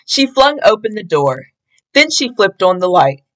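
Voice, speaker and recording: A woman reading a children's picture book aloud in an expressive, deliberate way. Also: mid-range voice, low-quality recording. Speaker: storybook reader.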